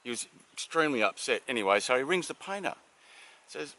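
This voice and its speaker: A man telling long, rambling jokes in a casual way. His voice jumps around with animated pitch, and he keeps stumbling through fillers as he calls his listener darling. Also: fairly quick. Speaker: joke teller.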